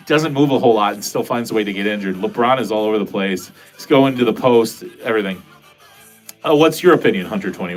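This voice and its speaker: A man chats loosely on a livestream from his basement, drifting from one thought to the next and swearing freely. His voice sits at an ordinary middle pitch, with some soft music behind him. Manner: rambling, profane, self-deprecating. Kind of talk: casual livestream chat, reading out comments. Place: home basement.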